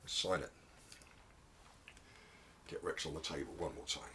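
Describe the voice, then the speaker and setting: A man in his sixties, from Australia, telling a long shaggy-dog joke, dropping low to build suspense and then rising into high mock wailing. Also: moderate pace, sharp tone, slight background noise. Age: 60s. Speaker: joke teller.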